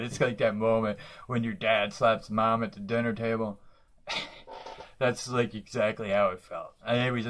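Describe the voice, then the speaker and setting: A man's voice: on the low side, a bit bright. A man, a stand-up comic, telling road stories in a casual vlog, rambling and swearing with lots of filler words.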